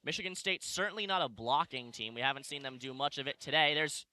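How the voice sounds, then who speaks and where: A young man doing live play-by-play sports commentary, calling the action quickly and correcting himself as he goes. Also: fairly high pitch, bright, forceful tone. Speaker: play-by-play announcer. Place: arena broadcast position.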